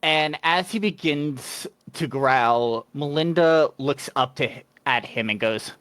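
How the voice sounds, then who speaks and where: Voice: mid-range voice, takes it slowly, hardly any pauses, fairly bright tone, dry recording. A game master narrating a tabletop game scene in a descriptive, easygoing way.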